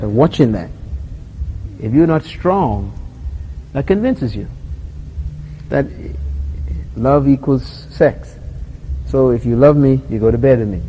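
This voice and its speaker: A man's voice: medium pitch, dull audio, a little hiss or hum. A man preaching a sermon on love in a conversational way, acting out little scenes, chuckling often and asking his listeners questions. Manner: animated storytelling, acts out scenes and quotes; chuckles often while making points.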